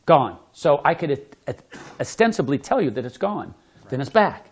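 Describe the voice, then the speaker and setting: A man, a magician, telling stories animatedly to a small audience, laughing often and loudly acting out the voices of the people in his stories. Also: a little high, moderate pace. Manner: lively, laughing, acts out quotes loudly. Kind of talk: animated storytelling with demonstration.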